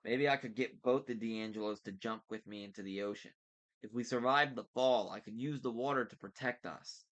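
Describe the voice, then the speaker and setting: A man reading a novel aloud in a relaxed, casual way, stopping now and then to correct slips. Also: mid-range voice, fairly quick. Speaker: book reader. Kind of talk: casual read-aloud narration.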